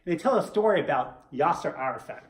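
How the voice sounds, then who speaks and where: A man teaching a class, joking and asking rhetorical questions in a playful, animated way. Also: on the high side, fast. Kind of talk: lecture with jokes. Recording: roomy echo.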